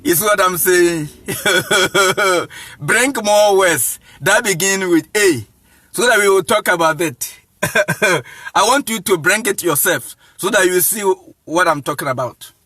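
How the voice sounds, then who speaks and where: Man, evangelist, high bright voice, slow emphatic lecture, spells out letters, laughs often, dry close sound. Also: no room sound. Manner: addresses listeners directly. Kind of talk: lecture-style talk.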